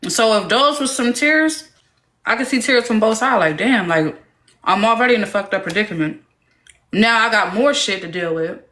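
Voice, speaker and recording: A woman hosting a live stream makes an earnest case, stopping to ask rhetorical questions. Her voice is mid-pitched and plain. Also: lively intonation, normal speed, a bit bright. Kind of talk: casual live-stream commentary.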